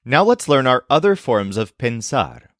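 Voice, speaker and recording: A man teaching a language lesson, explaining step by step and sounding out example words slowly and carefully. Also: medium pitch, very animated, no echo, studio quality.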